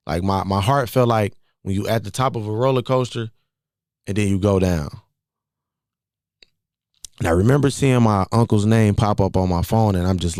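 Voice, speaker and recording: A man's voice: on the low side, darkish tone, no room sound, clean studio sound. A man in his twenties hosting a podcast, telling a personal story in a casual, conversational way and often repeating phrases as he goes. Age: 20s. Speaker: podcast host.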